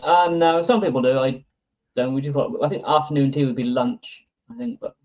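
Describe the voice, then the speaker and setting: A man's voice: medium pitch, expressive. British man over a tinny line. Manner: plain, halting, many ums. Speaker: guest. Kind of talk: casual chat.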